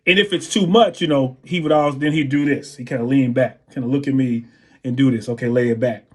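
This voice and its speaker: A man, a drummer and guest on an interview show, telling anecdotes in a relaxed way and scatting drum patterns. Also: mid-range voice, fairly quick. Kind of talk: interview storytelling.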